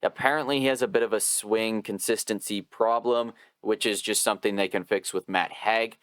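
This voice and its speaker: A young man hosts a casual sports podcast, his voice smooth and resonant. He tells stories with animated, profane energy and laughs a lot. The sound is close and dry. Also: lowish voice, moderate pace, dry recording. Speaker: podcast host.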